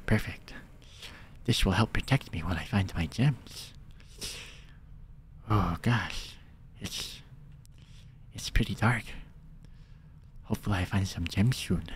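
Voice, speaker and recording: A man's voice: low voice, slight background noise, pitched below the performer's own voice. A man voicing a small, greedy male gem goblin with a spitty, wet-mouthed voice, muttering to himself while improvising role-play over a video game. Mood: hopeful.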